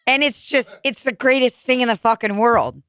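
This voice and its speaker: A young woman hosts a casual podcast with a fairly high voice, swearing freely and rambling from one story to the next. Her voice sounds dry and close, with no room around it. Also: normal speed, a bit bright, no echo. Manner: profane, laughing, rambling storyteller. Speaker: podcast host.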